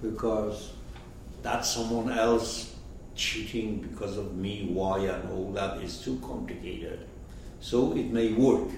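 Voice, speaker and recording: A man's voice: lowish voice, slow pace, creaky, darkish tone, a little hiss or hum. Echoey man explaining a story. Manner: rhetorical questions, checking in with listeners. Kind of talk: lecture commentary. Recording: echoey room, mic far off.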